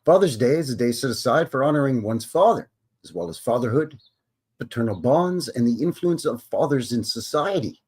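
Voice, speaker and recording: A man's voice: mid-range voice, lively intonation, moderate pace, a little mellow, husky. A man in his fifties hosting a live stream, chatting in a loose, joking, rambling way. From Canada. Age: 50s. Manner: joking, rambling, drops into silly voices. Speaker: host. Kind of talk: casual live-stream chat.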